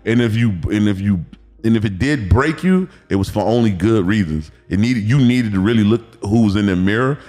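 Animated low-voiced man telling gym stories. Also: a little fast. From Miami, Florida. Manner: animated, acts out quotes, profanity, repeats words. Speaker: podcast guest, former pro football player. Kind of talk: casual storytelling interview.

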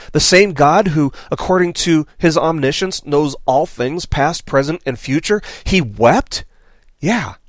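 A man preaching a sermon in an earnest way, asking rhetorical questions and dropping softly on key phrases. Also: fairly high pitch, dry recording.

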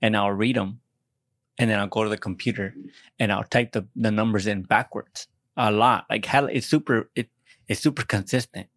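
A man's voice: lowish voice, fairly even intonation, normal speed, fairly bright tone, no room sound, clean studio sound. A young American man in casual podcast chat, rambling and self-deprecating, swearing often and restarting his sentences. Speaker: podcast co-host.

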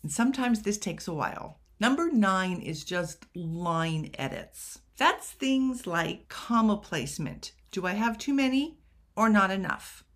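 A woman's voice: medium pitch, animated, unhurried, a bit bright. A young woman giving a casual writing tutorial, chatty and full of rhetorical questions with self-deprecating asides. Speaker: writing coach.

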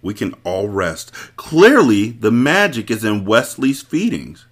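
A man's voice: lowish voice, wildly swooping pitch, a little slow, breathy edge, exaggerated voice. A man voicing a haughty, teasing countess. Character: haughty seductive noblewoman, a countess.

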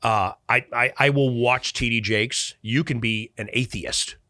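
Animated, profane veteran man telling stories. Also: mid-range voice, unhurried, dry recording, studio quality. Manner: animated and profane, laughing as he talks. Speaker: podcast guest, military veteran. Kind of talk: casual storytelling.

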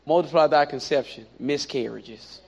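A man preaching a sermon, animated and repetitive, with playful asides. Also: a little high, normal speed, gravelly. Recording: dull lo-fi recording.

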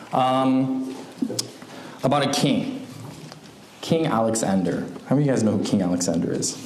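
A man's voice: fairly high pitch, roomy sound. A man giving a sermon, telling a story and asking the congregation questions, with many fillers. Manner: lively, asks the audience questions, many fillers. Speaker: preacher.

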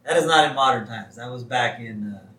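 A man's voice: mid-range voice, fairly quick, echoey room, recorded from a distance, poor audio. A man co-hosting a casual podcast, retelling scenes with lots of laughter and quoted lines. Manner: laughs often, animated retelling with put-on quotes. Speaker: podcast co-host. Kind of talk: casual chat recapping a TV episode.

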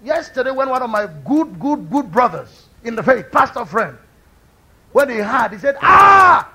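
A man preaching a fervent sermon, swinging from quiet speech to loud cries. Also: big pitch swings, moderate pace, slight background noise. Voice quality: high, gravelly and husky, with shouted peaks. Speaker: pastor.

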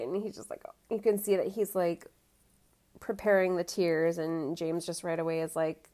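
A woman's voice: mid-range voice, fairly even intonation, takes it slowly, darkish tone. A woman recapping a reality TV reunion in casual chat, opinionated and full of fillers. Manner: chatty, opinionated, many fillers like "um" and "you know".

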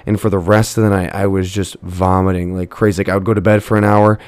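A young man hosts a podcast, recounting a personal story in an animated, rambling fashion packed with filler words. His voice is low and quick, with a clean tone and no room sound.

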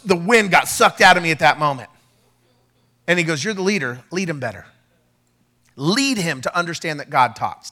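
A man, a pastor, preaching an animated sermon, acting out quoted conversations and rising to shouts. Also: a little high.

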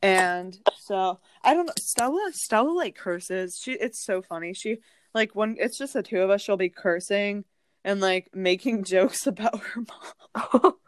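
A woman co-hosting a podcast who tells family stories in a casual, animated way, full of "like", and often acts out the other people's voices. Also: mid-range voice, measured pace, dry recording. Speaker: podcast co-host. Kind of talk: casual storytelling chat.

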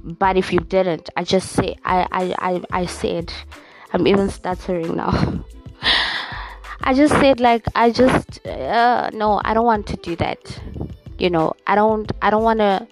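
Faint music sits behind this young South African woman's unhurried, mid-range voice. She hosts a solo podcast, ranting casually with sass, bluntness and plenty of swearing.

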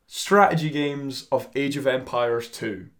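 A man co-hosting a podcast, telling a story in a relaxed, halting way with many fillers. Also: mid-range voice. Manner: relaxed, hesitant, filler-heavy. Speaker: podcast co-host. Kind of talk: casual chat.

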